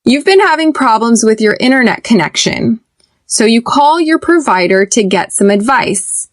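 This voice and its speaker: An American woman teaching English pronunciation on a podcast, speaking slowly and deliberately so learners can repeat after her. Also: fairly high pitch, animated, no echo.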